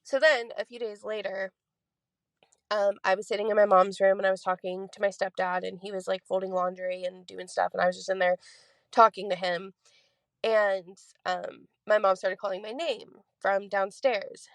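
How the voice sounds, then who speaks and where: A woman's voice: mid-range voice, little pitch movement, moderate pace, dry recording. Young woman rambling through a voice message. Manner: rambling, many fillers. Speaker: listener sharing a ghost story. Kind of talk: recorded voice message, casual storytelling.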